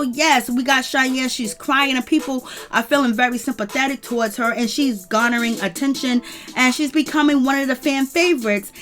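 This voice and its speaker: A woman's voice: a little high, a bit bright. A woman hosting a reality TV recap in casual gossip style, opinionated and chatty, with lots of "you know" fillers.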